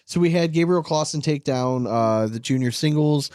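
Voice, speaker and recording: A man's voice: fairly high pitch, normal speed, darkish tone, clear, resonant tone, no echo, clean studio sound. A man co-hosting a podcast in a laid-back, chatty way, laughing often. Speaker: podcast co-host. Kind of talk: casual chat.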